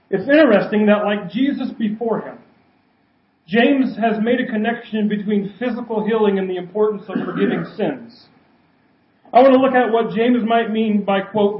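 A pastor with a high voice for a man delivers a sermon and keeps turning rhetorical questions on his listeners. His words ring around a reverberant church. The sound is slightly muffled and dull. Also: moderate pace. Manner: asks the congregation many rhetorical questions.

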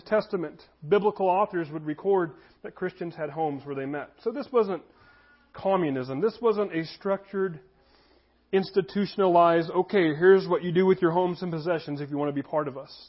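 A man's voice: high voice, moderate pace. A man in his thirties preaching a sermon in a conversational way, now and then acting out little scenes from his stories. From United States. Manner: conversational preaching, shifts into voiced anecdotes. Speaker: pastor. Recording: dull lo-fi audio.

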